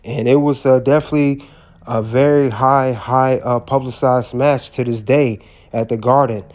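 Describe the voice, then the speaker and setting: A man's voice: medium pitch, fairly even intonation, moderate pace, darkish tone. A man hosting a commentary recap, speaking hesitantly with frequent filler words. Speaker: wrestling commentary host.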